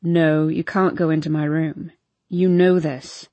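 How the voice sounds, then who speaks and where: A woman voicing a moody, brooding young man who speaks in low, curt murmurs in an audiobook. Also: level tone, unhurried, dark tone, no room sound, dull audio. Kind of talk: audiobook character voice.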